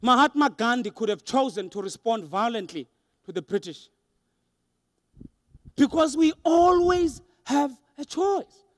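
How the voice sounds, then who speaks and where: A young man with a high, light voice delivers a lively motivational talk to a big crowd. He acts out little scenes and voices for laughs. The sound is dry and close. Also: unhurried, pauses often, dry recording. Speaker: motivational speaker. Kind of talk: motivational keynote speech. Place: large hall with a live audience.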